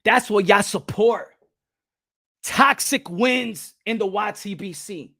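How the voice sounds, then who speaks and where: A man hosting a boxing commentary channel in a loud, profane, shouting rant that switches between English and Spanish. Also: sits high, slow pace, no room sound, clean studio sound. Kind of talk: ranting video commentary.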